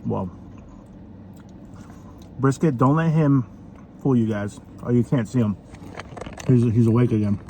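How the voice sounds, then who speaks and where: Chatty and rambling, a man reviews food casually, dropping plenty of ums and uhs along the way. His middle-pitched voice has a dark tone, and he moves at a measured pace with frequent pauses. Faint vehicle noise hums in the background.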